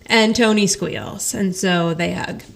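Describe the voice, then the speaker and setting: Recapping an episode on her podcast, this woman keeps the chat loose and storytelling-style, breaking into laughter often and acting out quoted lines. She speaks slowly in a fairly low, gravelly voice.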